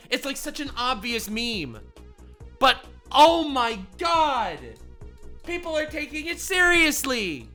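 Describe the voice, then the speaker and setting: A male streamer with a bright, forceful voice reacts to clips with comedic commentary, taking it slowly. He swears freely and swings between loud excitement and low mutters, with faint music behind him.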